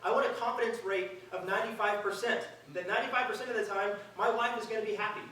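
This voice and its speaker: A man's voice: high voice, fairly even intonation, fast talker, bright, forceful tone, a little hiss or hum. A middle-aged man giving a public speech at a live event, conversational and earnest with dry self-mocking humor. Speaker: event speaker. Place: large hall at a live event. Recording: very echoey hall, distant mic.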